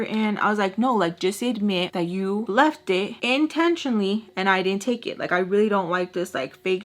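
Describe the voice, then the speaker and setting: Animated young woman telling a story. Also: medium pitch, moderate pace, few pauses. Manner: animated, acts out dialogue, many "like" fillers. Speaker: vlogger. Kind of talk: storytime narration.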